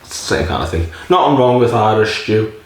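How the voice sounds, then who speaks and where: A man's voice: on the low side, lively intonation, brisk. Sweary man rambling in an echoey room. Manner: sweary, jokey, meandering. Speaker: beer reviewer. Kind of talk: casual rambling review.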